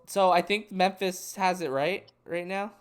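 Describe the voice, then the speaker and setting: A man's voice: high voice, measured pace, clear, resonant tone. A young man co-hosting a casual sports chat, rambling and restarting his thoughts mid-sentence. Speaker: podcast co-host.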